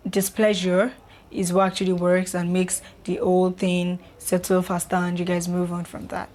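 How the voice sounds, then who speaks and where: A woman's voice: fairly low pitch, darkish tone. A young woman, chatting casually to camera about relationships, loose and filler-heavy. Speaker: vlogger.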